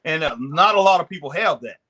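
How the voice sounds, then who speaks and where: Male host, casual chat, bright edgy tone, slightly high pitch, loose and repetitive. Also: expressive, fairly quick. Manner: chatty, repeats himself, drops into mimicking voices. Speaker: show host.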